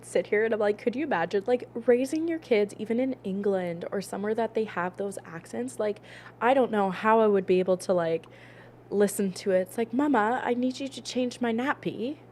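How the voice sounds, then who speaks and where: A woman's voice: medium pitch, fairly quick, a little mellow, slight background noise. Rambling, talkative woman podcast co-host. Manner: rambling, talkative, trails off and restarts. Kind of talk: casual podcast chat.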